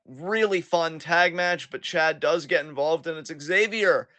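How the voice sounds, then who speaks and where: A man talks through a week of wrestling on his podcast, sarcastic and profane, slipping into mocking voices for the wrestlers' lines. His voice is bright and sits a little high. The sound is dry and close. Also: measured pace, no room sound. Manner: profane, sarcastic, acts out quotes. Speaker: podcast co-host. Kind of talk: casual wrestling recap chat.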